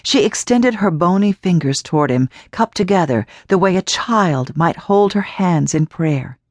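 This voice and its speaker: A woman narrating a horror novel audiobook in a measured, even storytelling voice. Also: lowish voice, no room sound. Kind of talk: scripted narration.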